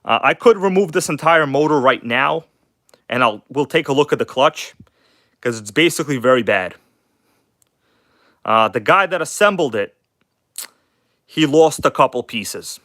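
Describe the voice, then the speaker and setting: A man rambles casually through a live stream, speaking to his viewers in an enthusiastic, blunt way with casual swearing. His voice sits at an ordinary middle pitch. The sound is dry and close, with no room echo. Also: lively intonation, normal speed, long pauses, bright, forceful tone. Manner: rambling, chatty, addresses viewers as guys.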